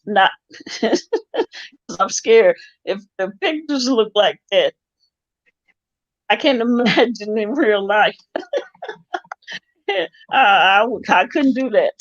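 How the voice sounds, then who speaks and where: Man, lively swooping pitch, giggly and hesitant, dry lo-fi sound. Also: slow pace, long pauses, no room sound. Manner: giggly, hesitant, repeating himself. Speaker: show host. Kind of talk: casual chat. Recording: dull lo-fi sound.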